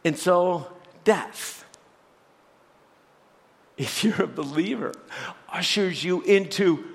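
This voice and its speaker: A man with a high voice preaches at an unhurried, deliberate pace, earnest and emphatic. His questions to the congregation ring out in a church sanctuary with a long reverb trailing behind. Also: vocal fry. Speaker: pastor. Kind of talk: sermon.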